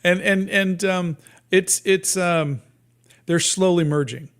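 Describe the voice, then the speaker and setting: A man in his fifties, a guest cartoonist talking casually in an interview, in a soft, sleepy-sounding voice with many halting restarts and fillers. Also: sits high. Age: 50s.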